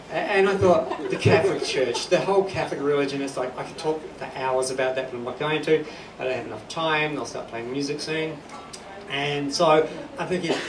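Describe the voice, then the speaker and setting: A man with a New Zealand accent telling rambling, self-deprecating stand-up stories on a club stage, with laughter behind him. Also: on the high side. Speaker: stand-up comedian. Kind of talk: stand-up comedy. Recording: echoey club from a distance, noisy. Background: audience laughter.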